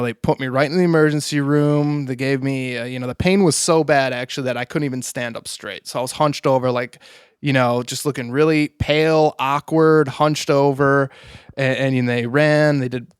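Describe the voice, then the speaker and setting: A man's voice: medium pitch, fairly even intonation, moderate pace, smooth, no room sound, clean studio sound. A man, an interview guest, telling a personal story in an earnest, rambling way with many "you know"s.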